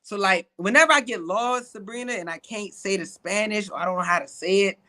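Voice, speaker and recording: A man, an actor and comedian guest, telling a comic story in an interview, animated and slipping into put-on voices and Spanish phrases. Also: high-pitched, brisk.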